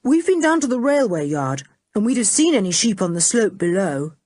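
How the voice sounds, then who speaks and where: A woman voicing a confident, cheerful teenage boy who talks in a brisk, reassuring, hearty way in a storybook reading. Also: mid-range voice, big pitch swings, a little mellow, no room sound, studio quality, voice pushed up.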